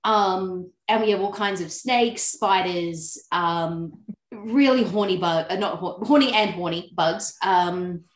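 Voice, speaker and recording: A woman's voice: on the low side, slow pace. Giggly New woman in a roomy room. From New Zealand. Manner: giggly and chatty, laughs often. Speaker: podcast guest. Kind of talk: casual interview chat. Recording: roomy echo.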